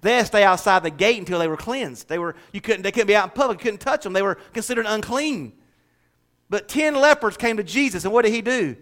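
A man pastor preaching a sermon in a church, animated, shifting from loud declarations to hushed asides with jokes. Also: high-pitched, quick pace. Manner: animated, swings from shouting to hushed, joking asides.

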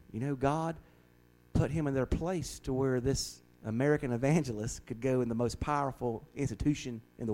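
A man's voice: medium pitch, darkish tone, rough recording. A man who is a pastor, earnestly leading a Bible study and often repeating words as he starts a thought.

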